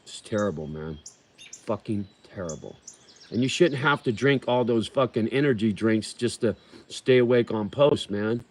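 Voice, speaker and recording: A man's voice: lowish voice, moderate pace, a little mellow. Profane, rambling livestream host, a man. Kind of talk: casual livestream chat, answering viewers.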